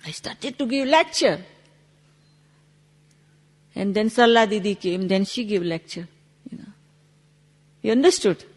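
A woman's voice: mid-range voice, animated, measured pace, long pauses, big-room sound. A woman giving a spiritual talk, telling a story with acted-out dialogue in non-native English. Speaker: spiritual teacher.

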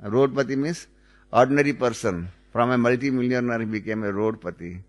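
A man with an Indian English accent recounts a spiritual experience. His pitch sits in the middle of the male range. He speaks earnestly and circles back over his phrases as he tells the story. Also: a little fast.

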